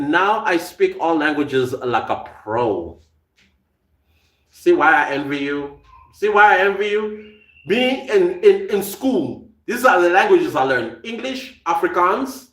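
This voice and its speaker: South african man, lively pitch, reads chat comments, laughs a lot, echoey room. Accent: South African with an American tinge. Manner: animated, laughs often, reads viewer comments aloud. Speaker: podcast host reading live chat. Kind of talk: casual live-stream chat.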